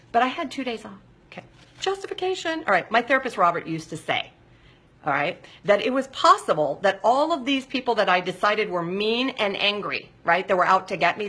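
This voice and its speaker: A woman's voice: medium pitch, creaky, breathy edge. A middle-aged woman hosting a recovery talk show, speaking animatedly and acting out inner voices. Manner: animated, acts out inner voices, drops to whispers. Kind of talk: livestreamed motivational talk.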